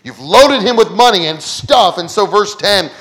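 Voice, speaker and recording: A man's voice: sits high, animated, moderate pace, creaky, a bit bright. A man preaching a sermon in a conversational teaching style. He keeps checking in with his listeners and puts the verses into everyday words. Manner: conversational Bible teaching, asks "okay?" often and paraphrases verses.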